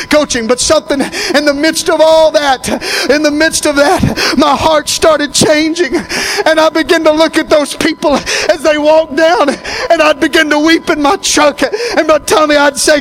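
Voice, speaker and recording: A man, preaching a sermon as pastor, swinging from shouted climaxes to hushed, personal storytelling. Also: extremely high pitch, steady tone, moderate pace.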